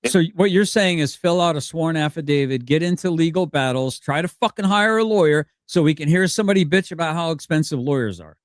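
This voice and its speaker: A man's voice: fairly high pitch, lively intonation, brisk, few pauses, no room sound, studio quality. A man in a heated argument, exasperated and pressing his point.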